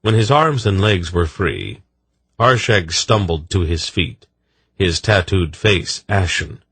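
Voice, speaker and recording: Audiobook narrator: man, very low, husky, measured. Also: sing-song, fairly bright tone, no room sound. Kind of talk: scripted narration.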